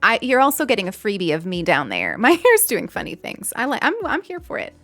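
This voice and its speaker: A woman's voice: medium pitch, wildly swooping pitch, brisk, a bit bright, soft background music. A young adult woman streamer chatting casually and giggling as she thanks donors on a live stream.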